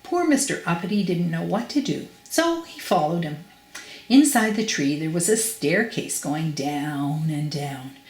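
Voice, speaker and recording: An older woman reading a children's storybook aloud, expressive and emphatic. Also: on the low side, echoey room, rough recording.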